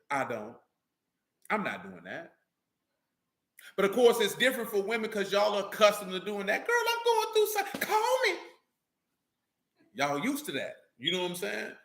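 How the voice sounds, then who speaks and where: A man's voice: high voice, sharp tone. A man leading a casual religious talk to a group, slangy and joking, with frequent asides. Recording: echoey room.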